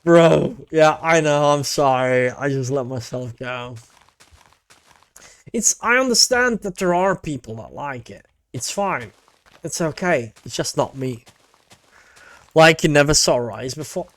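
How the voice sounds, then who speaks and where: A man's voice: on the high side, expressive, unhurried, fairly bright tone, dry recording. A male VTuber chatting casually with his stream, laid-back and rambling, with casual swearing.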